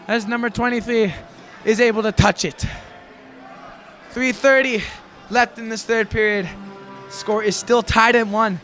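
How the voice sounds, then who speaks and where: A man calling a live hockey game play-by-play, excitable and folksy, shouting during rushes and a bit out of breath. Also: extremely high pitch. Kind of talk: live sports commentary.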